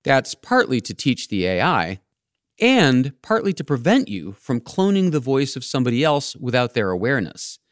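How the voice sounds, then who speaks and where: A man's voice: mid-range voice, big pitch swings, normal speed, no room sound, clean studio sound. A man hosting a podcast, narrating his script in a wry, playful way. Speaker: podcast host.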